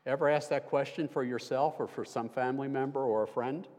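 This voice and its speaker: His medium-pitched voice is steady, brisk, and somewhat dark as the older man preaches a conversational sermon as a visiting guest. Dry, self-deprecating humor runs through it, and the church sanctuary lends a long hall reverb to the recording.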